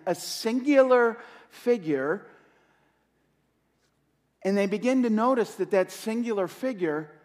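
A male pastor preaching with passion, his fairly high voice surging and then dropping low as he repeats his key lines. The sound carries a long reverb from the church hall around him. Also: darkish tone. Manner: impassioned, rising and falling with pauses, repeating key phrases. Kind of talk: sermon.

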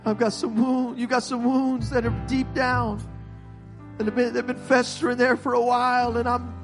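A male pastor preaching an impassioned sermon with an altar call, rising to shouts. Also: very high-pitched, little pitch movement, moderate pace, over music. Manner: impassioned, rising to shouts, voicing God's words.

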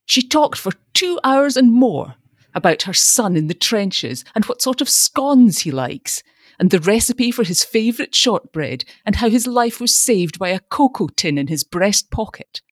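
A woman's voice: medium pitch, very animated, measured pace, no room sound, studio quality, pitched above the performer's own voice. A woman reading aloud, voicing a fussy, absent-minded elderly father who talks in a querulous, fretful way.

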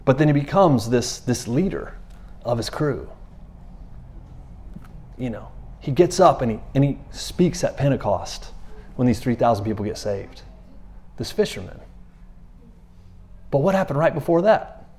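A man's voice: mid-range voice, a little slow, long pauses. A man preaching in a loose, conversational way, repeating himself and briefly acting out the people he quotes. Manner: animated, repeats himself, acts out quotes in passing. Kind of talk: conversational sermon.

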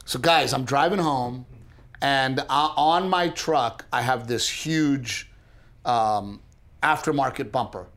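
A man co-hosting a casual podcast, telling a story in an animated way, speeding up when excited and restarting his sentences often. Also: medium pitch, takes it slowly. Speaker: podcast co-host.

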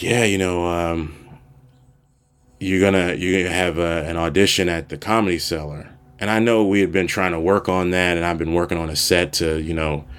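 Deep-voiced man telling a rambling story. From Prince George's County, Maryland. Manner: rambling, loose, with many fillers and restarts. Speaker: podcast host. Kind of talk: casual solo storytelling. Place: home room.

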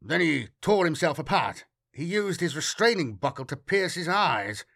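A man voicing a grim, wary male ship's officer who reports in a low, guarded, matter-of-fact way. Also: big pitch swings, moderate pace, creaky, fairly bright tone, heavily acted.

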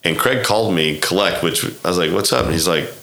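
A man's voice: deep voice, fairly quick, gravelly, pushed and bright, echoey room. A man in his fifties from Oklahoma, a golf club director telling stories as a guest, rambling and acting out quoted conversations. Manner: rambling, acts out quoted dialogue, frequent restarts. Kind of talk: casual storytelling interview.

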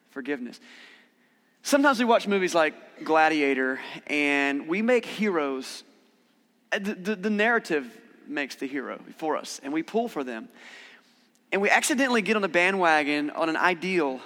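A man preaching a conversational sermon, animated when he acts out quoted voices. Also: on the high side. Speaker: pastor. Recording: long hall reverb.

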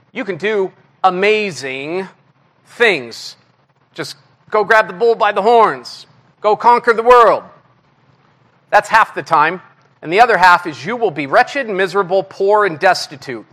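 A man giving a conversational sermon to a church congregation, candid and self-deprecating, with animated swings in his delivery. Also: high voice. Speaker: guest preacher.

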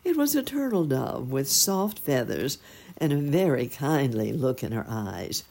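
A woman reading a children's story aloud in a gentle, expressive storytelling manner. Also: a bass voice, measured pace.

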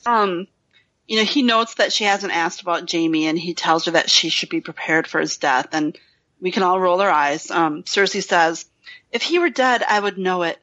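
A woman's voice: lowish voice, moderate pace, sharp tone. Chatty laughing woman, dull audio. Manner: chatty, laughs often, frequent "like" and "um". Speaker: podcast co-host summarizing the chapter. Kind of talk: casual book discussion.

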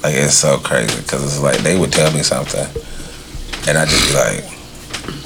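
A man in casual podcast chat, telling stories in a blunt, profane, animated way. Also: very deep voice, normal speed, gravelly, background noise. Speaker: podcast co-host.

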